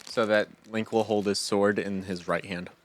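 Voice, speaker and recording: A young man co-hosting a podcast, chatting casually as he plays a video game, quick and full of asides. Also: lowish voice, steady tone, a little hiss or hum. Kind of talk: casual let's-play commentary.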